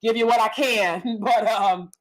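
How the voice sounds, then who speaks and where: Blunt woman, livestream host reading chat, lively and laughing, slightly high voice. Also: measured pace, a little hiss or hum. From United States. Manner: animated, laughs often, sassy and blunt. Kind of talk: casual opinionated livestream chat.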